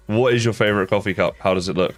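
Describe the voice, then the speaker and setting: Deep-voiced Englishman chatting on stream. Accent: English, tinged with Australian. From England. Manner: rambling, self-deprecating, chatty with viewers. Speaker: livestreamer. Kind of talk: casual livestream chat while gaming.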